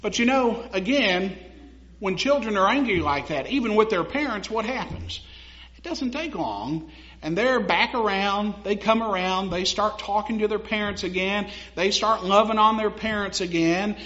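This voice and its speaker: A man's voice: sits high, normal speed, a bit bright. A young man preaching a sermon in a conversational way, laughing at his own stories and building to emphatic passages. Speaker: pastor. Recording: dull lo-fi sound.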